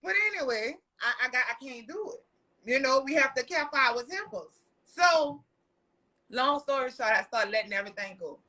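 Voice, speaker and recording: A woman tells stories as a podcast guest. Her voice sits high and sounds bright and forceful. She talks loudly and animatedly, swearing freely and breaking into laughter. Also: moderate pace. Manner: loud, animated and profane, laughing often. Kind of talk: casual storytelling chat.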